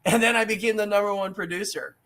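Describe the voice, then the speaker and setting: A middle-aged man tells a story with lots of energy over a video call. His voice sits high and sounds bright and forceful, and he leans hard on key words. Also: fast talker. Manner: energetic, emphatic, acts out quoted voices. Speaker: book author guest. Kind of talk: animated storytelling.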